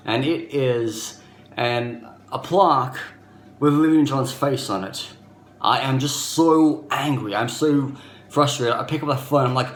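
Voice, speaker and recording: A man in his thirties with an Australian accent, telling a personal story to camera in an earnest, rambling way, often leaning on "basically" and "you know". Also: mid-range voice. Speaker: vlogger. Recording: echoey room with faint background noise.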